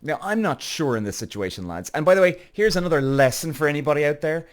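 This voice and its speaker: A man's voice: a little high, fast. Irish male podcast host, casual storyteller, voice swoops up and down, exasperated. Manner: animated, exasperated retelling.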